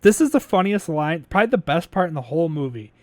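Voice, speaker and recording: A man's voice: fairly high pitch, big pitch swings, fast, dry recording, studio quality. A man casually recapping a movie plot as a podcast host, rambling with lots of fillers, swearing and laughing as he goes.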